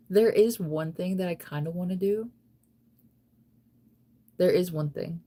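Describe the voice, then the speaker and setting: A young woman with a lowish voice speaks slowly during a late-night stream, yawning and clearly tired. She rambles in a laid-back way, leaning heavily on the word "like."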